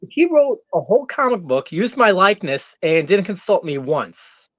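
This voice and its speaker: A loud-mouthed heel wrestler, played by a man, boasts and taunts without pause. His pitch leaps up and down with every brag. The sound is dry and a little dull, like a lo-fi recording. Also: very animated, no room sound. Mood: cocky. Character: brash arrogant male heel wrestler persona. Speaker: guest. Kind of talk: in-character comedic rant.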